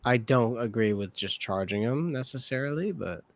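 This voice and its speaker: A man's voice: medium pitch, lively intonation, normal speed, music in the background. A man co-hosting a reaction video, talking casually, swearing a lot and getting emotional as he thinks aloud.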